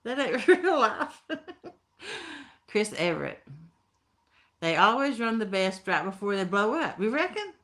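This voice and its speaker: A Tennessee woman with a broad Appalachian accent hosts a casual live stream, reading chat and greeting viewers as her pitch swings up and down. She's very animated and a bit bright, drawing words out slowly in folksy, down-home phrasing. She laughs easily and often between comments.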